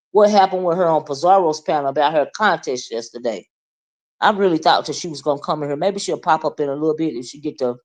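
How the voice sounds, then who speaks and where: A woman's voice: low-pitched, a little mellow. A woman hosting a casual livestream, chatting with viewers, greeting them by name and asking "right?" often. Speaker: livestream host.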